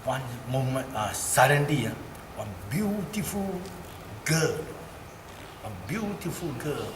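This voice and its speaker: Animated Malaysian-accented man telling a story. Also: takes it slowly. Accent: Malaysian English. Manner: animated, repeats phrases, gets louder and higher in quoted speech. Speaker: interviewee. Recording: roomy, noisy ambience.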